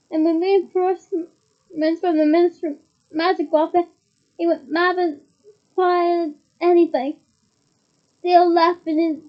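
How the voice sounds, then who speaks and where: Woman doing a gossipy young bus conductor. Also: very high-pitched. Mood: dramatic. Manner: gossipy, relishing a dramatic tale. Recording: muffled lo-fi recording.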